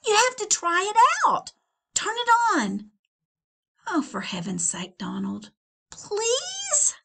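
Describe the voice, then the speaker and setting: A woman voicing an exasperated middle-aged wife, high and shrill, in a storybook read-aloud. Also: huge pitch swings, slow, creaky, pushed and bright, full character voice.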